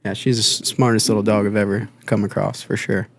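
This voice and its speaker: A man's voice: fairly low pitch, little pitch movement, a little fast, creaky. A man in a band, a guest on a podcast, talking casually and rambling with lots of fillers and restarts. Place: podcast studio.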